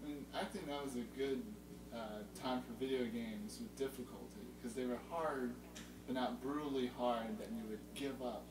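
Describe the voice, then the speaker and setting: A young man hosting a casual chat about video games, informative and a little halting with fillers. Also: medium pitch, steady tone, over music. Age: young adult. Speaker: host. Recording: roomy, distant mic with loud hum.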